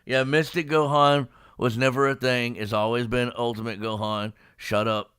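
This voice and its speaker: A man hosting a casual live-streamed manga discussion, retelling scenes with lively put-on character lines and frequent laughs. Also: medium pitch, normal speed, clear, resonant tone. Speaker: podcast host. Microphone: live stream microphone.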